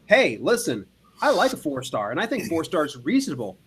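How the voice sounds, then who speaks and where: A man with a somewhat high voice co-hosts a casual business podcast. He talks at length, circling back and restarting his sentences, and slips in playful asides as he goes. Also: wildly swooping pitch, a little fast, a little hiss or hum. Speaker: podcast co-host.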